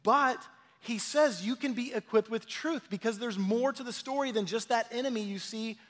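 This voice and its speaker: A man's voice: extremely high pitch, normal speed, fairly bright tone, long reverb tail. A man preaching a Sunday sermon, conversational and checking in with the congregation, repeating key phrases for emphasis. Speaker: pastor.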